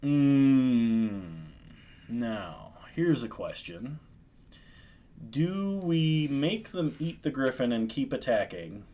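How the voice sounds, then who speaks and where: A man's voice: mid-range voice, big pitch swings, extremely slow, dark tone. A man streaming a card game, giving casual, joking commentary and chuckling often.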